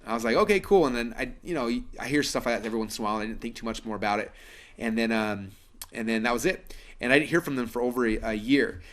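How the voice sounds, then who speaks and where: A man hosting a webinar, making an earnest sales pitch with lots of fillers. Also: fairly even intonation, a bit bright. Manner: fast, earnest, persuasive, many fillers. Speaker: webinar host pitching a course.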